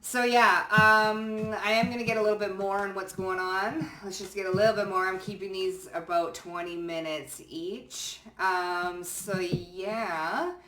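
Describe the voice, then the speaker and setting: A woman's voice: mid-range voice, steady tone, unhurried, hardly any pauses, pushed and bright, reverberant, far from the mic, a little hiss or hum. A woman giving a casual pick-a-card tarot reading. She chats freely, swears casually and keeps checking in with "okay?" and "you know what I'm saying?".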